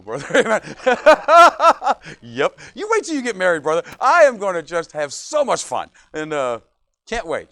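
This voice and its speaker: A man's voice: sits high, no room sound. A middle-aged man, a pastor, preaching a sermon in a church, joking often and asking "right?" again and again.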